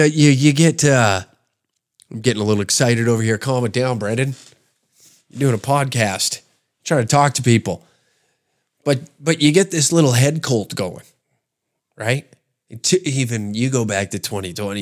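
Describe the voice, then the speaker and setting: A man from Canada holds forth alone on his comedy podcast, speaking at an ordinary, mid-range pitch. He rambles and stumbles through restarts, laying on sarcasm and swearing freely as he builds each rant. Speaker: podcast host.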